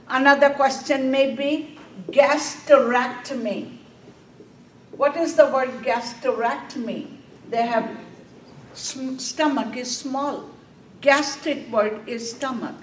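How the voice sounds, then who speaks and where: A woman teaching a nursing exam class, asking questions and answering them herself. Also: fairly high pitch. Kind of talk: classroom lecture. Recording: echoey classroom from a distance, faint room noise.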